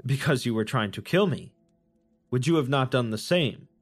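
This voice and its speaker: A man's voice: medium pitch, expressive, slightly rough, faint music behind. A man voicing a sly, taunting fae creature. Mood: probing. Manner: formal, measured, taunting. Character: cunning name-stealing fae creature, sly and mocking.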